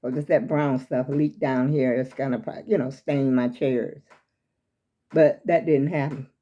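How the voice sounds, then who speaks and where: A woman's voice: very deep voice, fairly even intonation, a little slow, mellow, dull audio. An older woman, vlogging casually from home on her phone. She rambles as she talks and keeps speaking straight to her viewers as "y'all". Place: small room at home.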